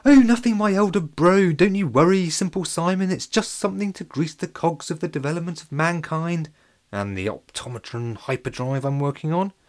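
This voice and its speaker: A man's voice: medium pitch, expressive, fast talker, lightly acted. A man doing a sly, smug genius kid. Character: scheming genius little boy, smug and sly.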